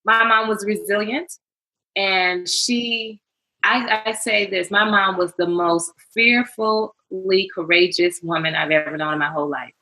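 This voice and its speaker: A middle-aged woman, a guest in a candid interview, talking as an emphatic, animated storyteller. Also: mid-range voice, a little slow, poor audio. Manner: emphatic, animated storyteller with repeated rhetorical questions.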